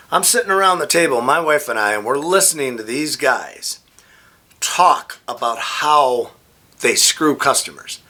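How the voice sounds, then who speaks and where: A middle-aged man telling rambling, animated stories in a casual vlog. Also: a little high. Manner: rambling, animated anecdotes with frequent restarts. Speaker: vlogger. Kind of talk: casual storytelling.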